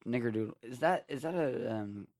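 A man's voice: mid-range voice, expressive, a little fast, darkish tone, dry recording, clean studio sound. A young man co-hosting a podcast in casual chat, crude and joking, laughing often. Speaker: podcast co-host.

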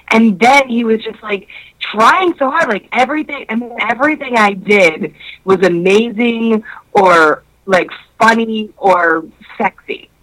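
A woman in casual podcast chat, loud and profane, retelling a date with many fillers and acting out both sides of the conversation. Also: fairly high pitch, a little slow, low-quality recording. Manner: animated storytelling that acts out both sides of a conversation.

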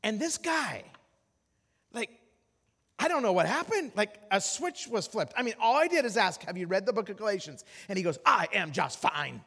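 High-voiced preacher in a reverberant hall. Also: male voice, moderate pace. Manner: animated, acts out loud voices in anecdotes, frequent restarts. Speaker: guest preacher. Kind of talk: sermon storytelling.

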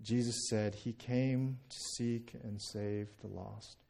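A man's voice: lowish voice, fairly even intonation, takes it slowly, vocal fry, dark tone. A man in his thirties, a pastor from the United States, preaching a sermon in a conversational way, often repeating words and checking in with "right?".

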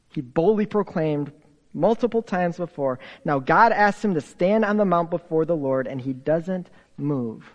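A pastor preaching a sermon, his delivery swinging from raised emphasis down to hushed whispers. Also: high voice, expressive, long reverb tail. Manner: slow, deliberate delivery with pauses.

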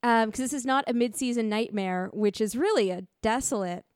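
A woman's voice: fairly high pitch, a little fast, darkish tone, smooth, no room sound, studio quality. A young adult woman hosting a podcast, chatting casually, laughing often and restarting her sentences. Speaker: podcast host. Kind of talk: casual chat.

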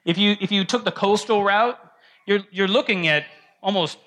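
A man leads a casual Bible study in a church classroom, his voice bright and forceful and sitting a little high. He talks loosely to the group, checks in with questions and often restarts his sentences. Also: moderate pace. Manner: conversational, asks the group questions, frequent restarts and "right?". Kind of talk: informal classroom teaching.

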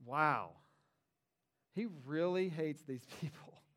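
A middle-aged male pastor preaching a sermon in a high-pitched voice. He keeps it conversational, stressing points with lively emphasis as he retells a story. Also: takes it slowly.

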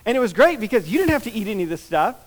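A man's voice: sits high, sing-song, racing. A man preaching in a conversational sermon style, reading scripture and teaching with many fillers and restarts.

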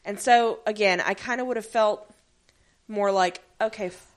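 A woman's voice: medium pitch, normal speed. A woman co-hosting a casual recap chat, swearing freely and acting out characters' lines as she tells the story. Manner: animated, acts out characters' lines mid-story; swears casually, many fillers. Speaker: podcast co-host.

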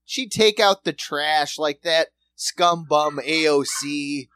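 A man's voice: fairly high pitch, slow, sharp tone, clean tone, no echo. Wisecracking, foul-mouthed podcast man. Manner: wisecracking, swears a lot. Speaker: podcast co-host. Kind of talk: casual profane chat.

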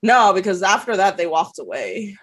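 This young adult podcast co-host recounts a story in relaxed conversation at medium pitch and normal speed. Lively throughout, she swears without holding back and keeps breaking into laughter mid-sentence.

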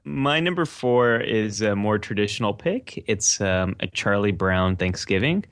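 A man's voice: fairly low pitch, animated, unhurried, a bit bright, no echo, studio quality. A man hosting a podcast, chatting casually and musing in an earnest, thoughtful way. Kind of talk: casual chat.

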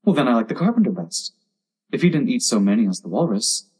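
A man's voice: mid-range voice, very animated, fast talker, a little mellow, slightly rough. A man voicing a polite, curious young girl with a prim, earnest manner.

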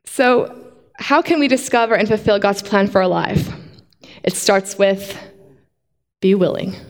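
A woman preaching a sermon to a congregation in a lively way, often asking them questions. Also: mid-range voice, a little slow, in a large hall. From not from Australia.

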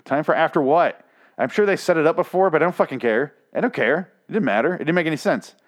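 A man's voice: a little high, lively intonation, fast talker. Sarcastic, profane man ranting casually. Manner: sarcastic, profane, exasperated storytelling.

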